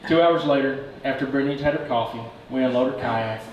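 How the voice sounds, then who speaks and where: Joking best man in a cavernous echo. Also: mid-range voice. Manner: joking, halting, fighting back tears. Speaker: best man giving a wedding toast. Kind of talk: emotional wedding speech. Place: wedding reception room. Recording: very echoey room, distant mic, noisy.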